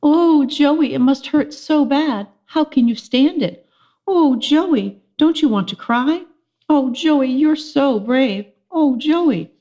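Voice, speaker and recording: High, cooing storybook schoolgirl, adoring and clingy; a woman reader doing the voice. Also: expressive, slow pace, dark tone, exaggerated voice. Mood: swooning. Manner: breathless, cooing and swooning. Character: gushing fourth-grade girl, clingy and adoring.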